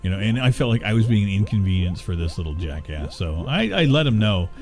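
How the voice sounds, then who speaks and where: A middle-aged man with a lowish voice talks casually while streaming a game. He rambles, grumbles and swears freely, with faint game music playing behind him. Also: very animated, fast talker, darkish tone. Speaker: gaming streamer. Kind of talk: casual chat while gaming.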